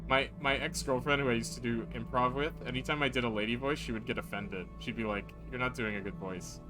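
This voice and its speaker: A man's voice: medium pitch, steady tone, fast talker, over music. A man chatting on a live stream while reading a game's dialogue, self-deprecating and reluctant to do character voices. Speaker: streamer reading a game aloud.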